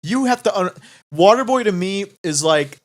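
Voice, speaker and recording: A young man with a slightly high voice jokes around in loose conversation. He throws in quick reactions and riffs on what his co-host says. The chat stays easy and informal. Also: animated. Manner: jokey, quick reactions and laughter. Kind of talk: casual chat.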